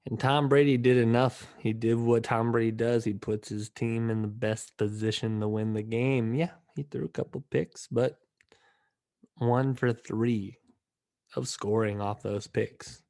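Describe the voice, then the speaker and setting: A young man hosting his own podcast, rambling with fillers and restarts, tired and yawning, swinging between mournful mumbling and loud outbursts. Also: mid-range voice, steady tone, a little slow. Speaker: podcast host. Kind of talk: casual solo podcast rant.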